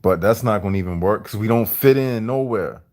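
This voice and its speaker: A man delivering a deliberate, repetitive, preachy monologue to his viewers on a livestream. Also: lowish voice, a little mellow. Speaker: vlogger.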